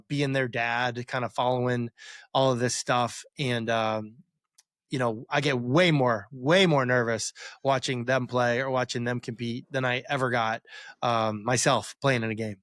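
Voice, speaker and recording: A man's voice: medium pitch, unhurried, no room sound, studio quality. A middle-aged man, a former quarterback, telling rambling stories as a podcast guest and acting out what others said. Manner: rambling, animated, acts out quotes. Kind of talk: casual interview storytelling.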